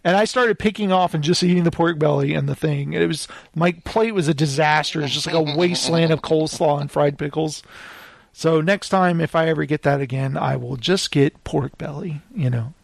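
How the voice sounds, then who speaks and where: A man hosting a casual podcast chat about films, telling stories in an excitable, animated way. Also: on the high side, a little fast, gravelly. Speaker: podcast host.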